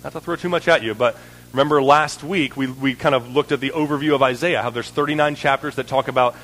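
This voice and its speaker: A man's voice: mid-range voice, fairly even intonation, fast talker, a bit bright, long reverb tail, rough recording. A man preaching a sermon in an earnest way, building in intensity and often checking in with "right?".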